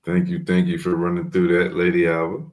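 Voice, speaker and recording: A man's voice: sits low, monotone, a little fast, a little mellow. A man talking casually about his pet snake on a podcast video call, easygoing and polite. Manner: easygoing, polite, says yes ma'am. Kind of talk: casual chat.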